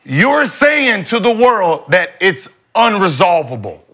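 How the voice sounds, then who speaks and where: High, bright-voiced man arguing basketball. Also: sing-song, slow pace. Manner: loud, swearing, talks over others. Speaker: podcast co-host. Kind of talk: heated sports debate.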